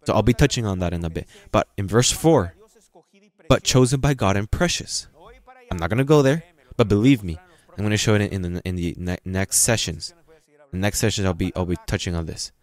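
A man preaching a sermon as pastor, reading scripture slowly and breaking into sudden loud, emphatic passages. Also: fairly low pitch, expressive. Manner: reads scripture aloud slowly and stresses it.

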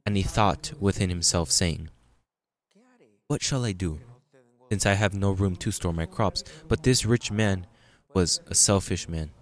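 Deep-voiced male pastor preaching. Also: measured pace. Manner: conversational preaching, restarts, reads scripture aloud. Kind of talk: sermon.

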